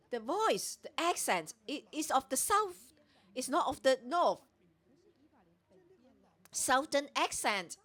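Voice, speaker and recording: High, lively woman preaching a sermon. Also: takes it slowly, long pauses. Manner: retells scripture with voiced dialogue. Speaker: preacher at morning prayer. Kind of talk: Bible teaching sermon.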